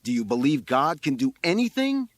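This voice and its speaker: A man voicing a desperate thirteen-year-old boy on a rooftop, who shouts his commands high and loud. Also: big pitch swings, unhurried, no room sound, exaggerated voice. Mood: shouting demands.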